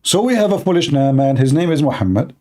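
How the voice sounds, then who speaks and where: A man hosting a livestream, speaking sarcastic, mocking broken English and swinging between loud outbursts and exaggerated slow, soft talk. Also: a little high, expressive. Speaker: livestream host. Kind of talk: livestream debate commentary.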